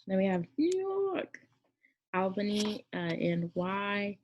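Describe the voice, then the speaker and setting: Near Memphis, Tennessee, a woman leads a casual class, chatting and rambling with lots of fillers and self-corrections. Her mid-range voice is a little mellow, swings widely in pitch, and takes its time. The recording sounds dull and lo-fi.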